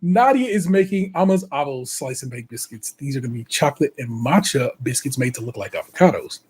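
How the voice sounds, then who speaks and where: A man's voice: medium pitch, expressive, fairly quick, darkish tone, breathy edge. A man co-hosting a podcast, running through notes in casual, slang-heavy banter and laughing often. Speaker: podcast co-host. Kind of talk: casual chat.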